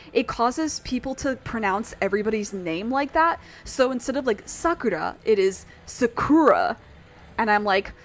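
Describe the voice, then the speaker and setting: A woman streaming a video game, chatting in a rambling, animated way and swearing freely. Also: high voice. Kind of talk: casual gameplay chat.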